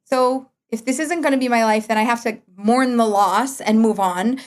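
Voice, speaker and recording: A middle-aged woman with a somewhat high voice tells her personal story as a guest in a relaxed chat. She talks in an animated way and quotes her own past words with sudden leaps up in pitch. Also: normal speed. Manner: animated, quotes herself with big pitch jumps. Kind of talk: conversational storytelling.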